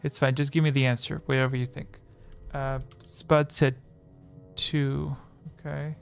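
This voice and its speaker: A man's voice: medium pitch, little pitch movement, a little slow, vocal fry, smooth, faint music behind. A man hosting a livestream quiz at a home desk microphone, talking in a rambling way, correcting himself and reading out chat answers.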